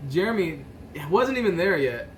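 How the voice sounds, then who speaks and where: A man's voice: high-pitched, very animated, slight background noise, rough recording. Rambling, laughing man telling a story. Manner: rambling, quick to laugh, acting out other people's lines. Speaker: podcast co-host. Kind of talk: casual chat.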